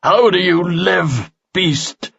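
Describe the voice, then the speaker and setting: A man voicing a calm, wounded male elf fighter in an audiobook. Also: mid-range voice, a little slow, slightly rough, no echo, heavily acted. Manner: calm, dry. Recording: dull lo-fi audio.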